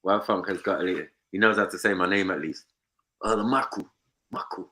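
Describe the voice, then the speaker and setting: A man's voice: sits low, brisk, sharp tone. A man hosting a live stream, mocking a caller with brash, laughing trash talk.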